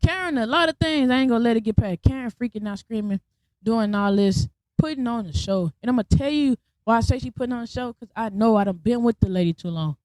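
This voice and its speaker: A woman's voice: a little high, fast, dry recording. A young adult woman hosting a podcast, telling a story in a blunt, slangy, casual way and acting out the people in it. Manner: blunt, slangy, animated retelling with quoted voices. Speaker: podcast host.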